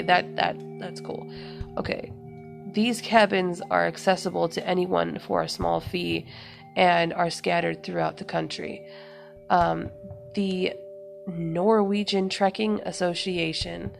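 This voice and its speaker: Slow, gravelly woman podcast host. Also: lowish voice. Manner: halting, many ums and self-corrections, chuckles at own slips. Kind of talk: reading notes aloud with casual asides.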